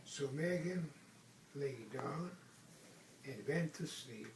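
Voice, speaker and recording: Older man reading a bedtime story slowly. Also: medium pitch, a little hiss or hum. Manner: gentle, asks the child questions. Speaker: grandfather reading aloud. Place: room at home. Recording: echoey room from a distance.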